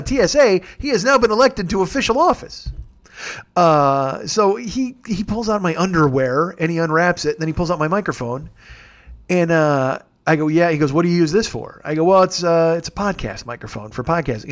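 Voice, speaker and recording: A man's voice: a little high, a bit bright. A man hosting a comedy podcast, telling a rambling, sarcastic, profane story about his day in a casual monologue. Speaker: podcast host. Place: rented home, recording on travel.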